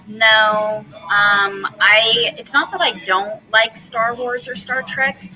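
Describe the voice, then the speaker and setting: A young woman comedian chatting casually as a podcast guest, animated and quick to laugh, swearing freely. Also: fairly high pitch, soft background music, low-quality recording.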